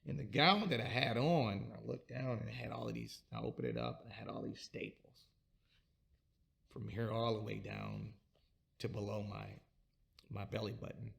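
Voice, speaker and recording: A man telling his own life story in a halting, repetitive way, often restarting his words. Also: fairly low pitch, very animated, vocal fry, fairly bright tone. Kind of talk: personal storytelling.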